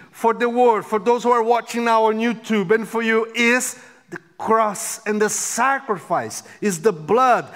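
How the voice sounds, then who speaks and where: Slow, high-voiced man preaching in a hall. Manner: dramatic swings between loud exclamations and near-whispers. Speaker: pastor. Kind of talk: sermon. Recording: long hall reverb.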